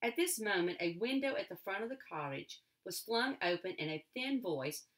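A woman teacher reading a novel aloud to her class in an expressive storytelling manner. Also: mid-range voice, moderate pace. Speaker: elementary school teacher.

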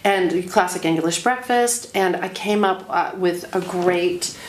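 Teasing woman interviewer in an echoey room. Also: fairly low pitch. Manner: playful, teasing, quick jokes. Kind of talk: comic backstage interview. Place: theatre dressing room. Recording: roomy, faint ambience.

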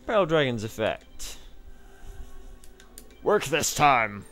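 Man, let's play commentary, lively swinging pitch, mock angry trash talk, faint game music. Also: moderate pace. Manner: trash-talking, mock angry, frequent laughs.

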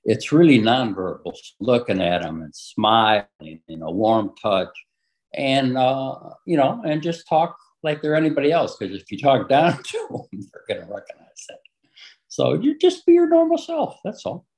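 A man's voice: mid-range voice, very animated, normal speed, darkish tone, poor audio. A man speaking in an interview, giving plain-spoken, emphatic advice and repeating his key points. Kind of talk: earnest conversational advice.

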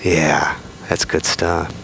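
Man, pastor, sermon, very deep voice, gravelly, conversational, faint hiss. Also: little pitch movement, slow pace. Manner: conversational preaching with playful asides.

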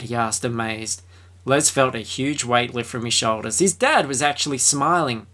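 Bright-voiced man hosting a podcast. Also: mid-range voice, normal speed. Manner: animated, mocking read-aloud voices. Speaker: podcast host. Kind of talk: reading aloud and casual chat.

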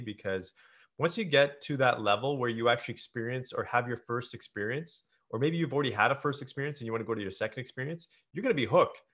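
A man in the middle of a casual podcast chat, speaking at an ordinary mid-range pitch. He addresses the listeners directly, earnest and advising. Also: fairly bright tone. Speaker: podcast host.

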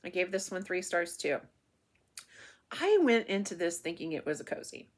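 A woman's voice: lowish voice, expressive, normal speed. A woman from the Ozarks chatting casually through her monthly book reviews, rambling with frequent restarts and fillers. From Ozarks region of the United States.

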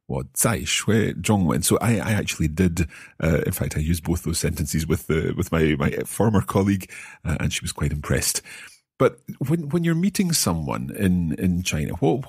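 Scottish man, deep voice, husky tone, hesitant, repeats himself, podcast lesson. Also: darkish tone, no echo, clean studio sound. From Scotland. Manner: hesitant, repeats words while thinking. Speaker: language learner and co-host.

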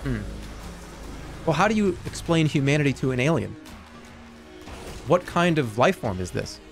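A man's voice: fairly high pitch, very animated, normal speed, vocal fry, soft background music. A man streaming live, chatting casually in a rambling, jokey way that trails off into mumbled asides.

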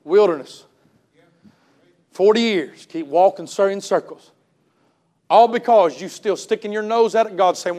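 A man delivers a revival sermon in a church, his voice riding very high. He swings from ringing shouts to near-whispers and stretches key words for emphasis as he tells a story. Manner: impassioned, swings between shouting and hushed tones; storytelling, retells others' words with drawn-out emphasis. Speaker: preacher. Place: church service.

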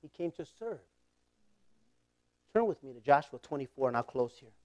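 A man in his forties, a pastor telling a humorous story in a sermon, conversational and laughing often, swinging between loud bursts and quiet asides. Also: medium pitch, very animated, normal speed, no echo, lo-fi sound.

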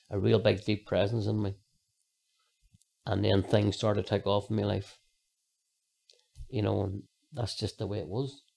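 A man tells his faith testimony as a podcast guest. His voice is gravelly and sits fairly low, with a crackle at the bottom. He talks earnestly and rambles, full of fillers and restarts. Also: darkish tone. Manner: earnest storytelling.

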